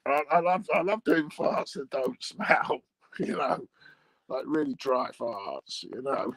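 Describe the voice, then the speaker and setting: A man's voice: mid-range voice, sing-song, slow pace, vocal fry, a bit bright, dry recording, poor audio. A man rambling through crude comic chat, bawdy and meandering, chuckling at his own jokes. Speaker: comic monologue host.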